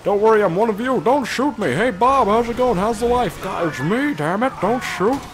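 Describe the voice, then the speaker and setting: A frantic male Mountie, as a man puts him on for a comic bit in a game video, his voice pushed high and strained. He pleads in a rush, friendly and terrified at once. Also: lively intonation, normal speed. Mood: panicky pleading.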